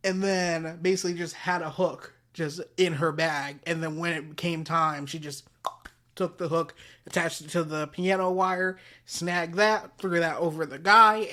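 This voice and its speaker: A man's voice: high voice, sharp tone. Brief: male host, casual slangy retelling, rambling with restarts. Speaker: podcast host. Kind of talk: casual retelling of a comic story.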